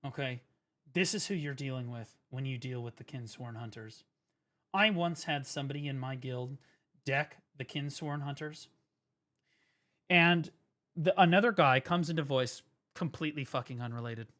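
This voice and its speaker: A man's voice: mid-range voice, normal speed. A man streaming, ranting and mocking in a profane comedic style at a desk microphone. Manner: profane, mocking, lively rant.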